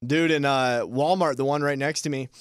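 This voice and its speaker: A man's voice: mid-range voice, steady tone, normal speed, clean tone, dry recording, clean studio sound. A man in a casual chat, goofy and joking about survival shopping.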